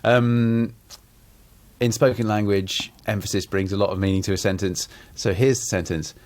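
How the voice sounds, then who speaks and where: A man with a very low voice co-hosts a casual podcast chat. He talks animatedly, acting out example sentences and leaning on different words to show how emphasis changes meaning. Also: fairly even intonation, moderate pace, darkish tone. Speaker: podcast co-host.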